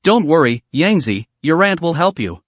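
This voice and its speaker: A man's voice: on the high side, big pitch swings, moderate pace, dry recording. A man voicing a pushy, scheming middle-aged aunt who talks in a falsely sweet, insistent way. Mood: wheedling.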